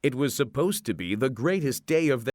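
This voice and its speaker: A man reading a children's story aloud in a slow, expressive narration. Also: mid-range voice, no room sound, clean studio sound. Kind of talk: scripted narration.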